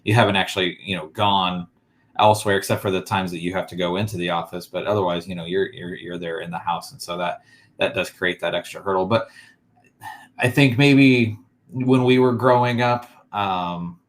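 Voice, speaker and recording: A very deep-voiced man talks things over slowly and thoughtfully as a podcast co-host. He stays measured and leans on little fillers as he works through an idea. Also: steady tone. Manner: reflective, measured, with many fillers. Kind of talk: casual chat.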